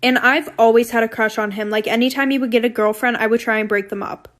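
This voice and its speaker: A woman narrates a story to her camera in a plain, confessional way. Her voice is slightly high. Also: fairly even intonation, fast talker. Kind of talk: story time vlog.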